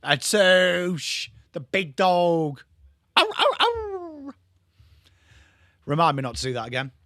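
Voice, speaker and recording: A man's voice: a little high, a little slow, a bit bright, no echo, clean studio sound. A young man hosting a live football watchalong, calling the play and chatting with viewers in a casual, swearing, bantering way. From England. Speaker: watchalong host.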